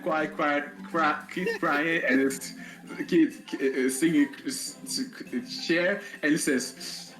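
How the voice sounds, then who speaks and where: A man playing in an improvised tabletop game, rambling and halting in a playful way. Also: a little high, fairly even intonation, a bit bright, reverberant, faint music behind, low-quality recording. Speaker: player. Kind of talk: improvised role-play.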